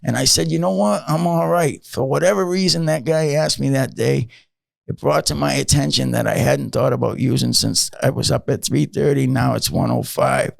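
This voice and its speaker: A man in his fifties, guest on a podcast, winds through a personal story full of "and, uh" and blunt curses. His voice is heavily gravelly, the sound close and dry. His pitch sits mid-range for a man. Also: moderate pace, no room sound. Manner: rambling, many "and, uh" fillers, blunt profanity. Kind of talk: casual storytelling.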